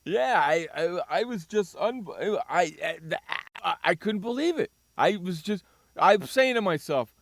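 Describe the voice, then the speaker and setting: A sports radio host, a man with a high, lively voice that leaps up and down as he rants. He talks excitedly and keeps dropping "freaking" into every other sentence. The sound is dry and close, with no room around it. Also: measured pace, dry recording. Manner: animated, ranting, swears mildly with "freaking".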